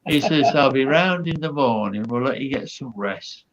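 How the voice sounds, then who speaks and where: A man's voice: medium pitch, lively intonation, moderate pace, a little hiss or hum. An older man, a comedian guest, telling chatty anecdotes and acting out the people in them. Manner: chatty storyteller, acts out quoted voices. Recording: dull lo-fi sound.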